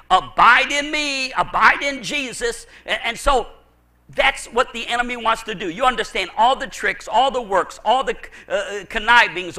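A man preaching a fervent sermon as pastor, emphatic and sometimes shouting, often stammering and repeating words as he drives a point home. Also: very high-pitched.

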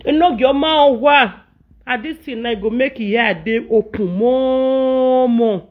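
A woman's voice: high voice, takes it slowly, highs cut off. A woman with a Nigerian accent giving an emotional monologue to camera, pleading and ranting, slipping into chanted lines in a local language. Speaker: social media personality.

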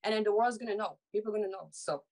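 A woman's voice: medium pitch, rapid-fire, darkish tone, rough recording. A young woman from Sierra Leone answering audition interview questions hesitantly, with many fillers. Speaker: reality show applicant.

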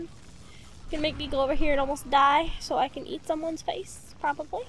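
A woman's voice: high-pitched, fairly even intonation, moderate pace, a bit bright, slight background noise. A woman hosting a let's play, giving casual gameplay commentary and talking back to the game, repeating her pleas and commands over and over.

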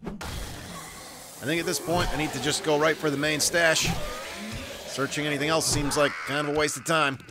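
A man's voice: on the high side, steady tone, normal speed, long pauses, background noise. A man giving casual let's-play commentary over a survival game, wry and self-mocking, muttering to himself as he plays. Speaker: gaming YouTuber.

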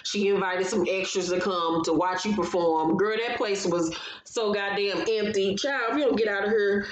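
A woman's voice: mid-range voice, normal speed, reverberant, poor audio. A woman recapping a reality show in casual commentary, blunt and profane, getting heated as she gives her opinions.

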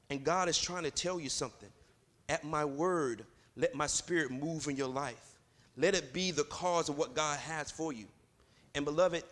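A man's voice: a little high, a bit bright. A man pastor preaching a sermon in a church, loose and full of fillers, building to emphatic stretches. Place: church sanctuary.

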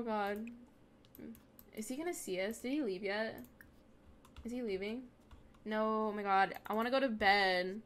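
A young woman hosting a gaming video, casually commenting on her play and scolding the game characters as she goes. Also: mid-range voice. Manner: chatty, talks back at the game characters.

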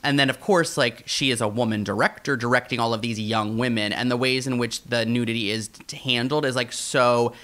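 A man co-hosting a podcast, riffing in an animated way with many fillers. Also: medium pitch, brisk, hardly any pauses. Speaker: podcast co-host. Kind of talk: casual podcast chat.

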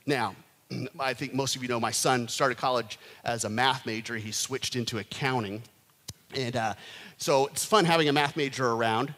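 Man, pastor, middle-aged, sermon, animated, long church reverb. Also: medium pitch, normal speed. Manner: animated, rising to loud emphatic peaks. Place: church sanctuary.

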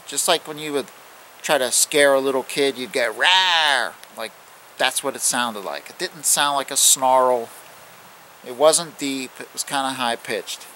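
A middle-aged man tells a spooky woods story in a bright, forceful voice, plain-spoken and halting. A faint hiss runs under the recording. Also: medium pitch, rough recording. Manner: plain-spoken, halting with restarts, acting out growls. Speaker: outdoors channel host.

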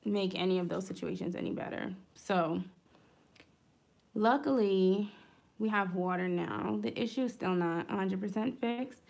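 A woman's voice: medium pitch, measured pace, gravelly, a little mellow. Chatty woman telling a story while crafting. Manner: chatty, rambling, with fillers and asides. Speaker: planner vlogger.

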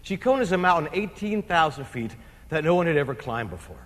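A man from New Jersey giving a keynote speech, telling an adventure story in an animated, comic way with acted-out shouts and asides. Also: fairly high pitch, a little fast. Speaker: keynote speaker. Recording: long hall reverb.

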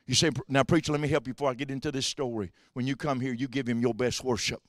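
A bright, forceful male pastor, preaching with a drawling cadence. His voice drops to near-hushed asides and then climbs high and loud. The sound is close and dry. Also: fairly even intonation, quick pace, dry recording. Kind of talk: sermon. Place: church sanctuary.

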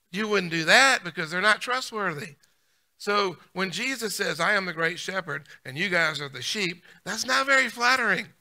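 Bright, emphatic male pastor preaching. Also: high-pitched. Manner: emphatic, repeats key lines, swings from loud punch to soft aside. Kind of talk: sermon.

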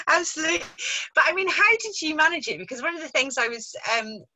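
A woman's voice: high-pitched, lively intonation, fast, pushed and bright, slight background noise, poor audio. A woman interviewing a fellow author, speaking eagerly with many fillers and restarts over a video call.

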